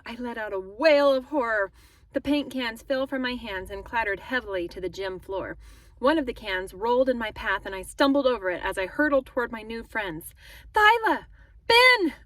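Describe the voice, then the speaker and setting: Expressive woman reading a storybook. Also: a little high, no room sound. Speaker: teacher. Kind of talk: reading a children's book aloud.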